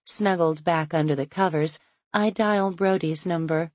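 A woman's voice: fairly low pitch, unhurried, a little mellow, dry recording. A woman narrating a first-person romance audiobook in an intimate, playful storytelling manner.

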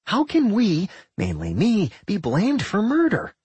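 A man voicing a cheerful, excitable male dungeon spirit who gets loud when alarmed. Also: high voice, measured pace, breathy edge, no room sound, pitched above the performer's own voice, exaggerated voice. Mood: excited.

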